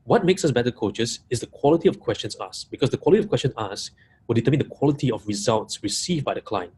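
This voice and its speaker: A man's voice: medium pitch, expressive, fast talker, darkish tone, slight background noise. A man giving a webinar talk to coaches, repeating key points and stressing single words. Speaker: coaching trainer. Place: live audience room.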